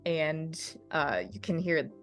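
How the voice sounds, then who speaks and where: A woman narrating a tabletop game as game master in a measured way. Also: sits low, lively intonation, muffled recording, soft background music. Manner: slow, measured narration with fillers.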